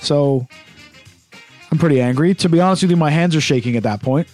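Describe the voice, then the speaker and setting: A man casually telling a story on a podcast, animated and full of swearing. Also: a little high, a little fast, no room sound, soft background music.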